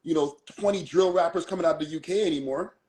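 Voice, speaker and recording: A man's voice: on the high side, quick pace, darkish tone, rough recording. A man from Toronto with a Toronto accent, chatting easygoingly as a guest on a live stream and using slang like "fam" and "bro". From Toronto, Canada. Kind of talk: casual chat on a live stream.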